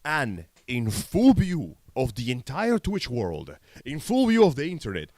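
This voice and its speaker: Lively, sarcastic man on a live chat. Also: medium pitch, measured pace, dry recording. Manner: sarcastic, blunt, animated. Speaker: podcast co-host. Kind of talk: casual live-stream chat.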